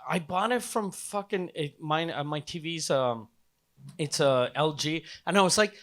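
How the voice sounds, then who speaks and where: A man's voice: a little high, lively intonation, unhurried, a bit bright. A man co-hosting a comedy podcast, chatting casually and swearing freely. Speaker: podcast co-host.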